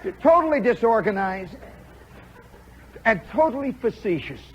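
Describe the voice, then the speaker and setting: High-voiced storytelling radio host. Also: male voice, moderate pace, slightly rough. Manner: animated storyteller, mimics play-by-play, talks to audience. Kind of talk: live storytelling monologue. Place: live club show before an audience. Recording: dull 1960s radio broadcast recording.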